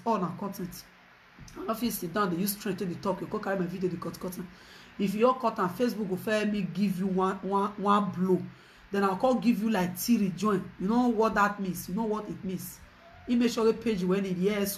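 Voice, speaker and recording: A Nigerian woman talks straight to her audience in a casual commentary, insistent and animated, mixing Pidgin and English. Her pitch sits mid-range for a woman. A faint hiss of background noise runs under her voice. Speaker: social media commentator.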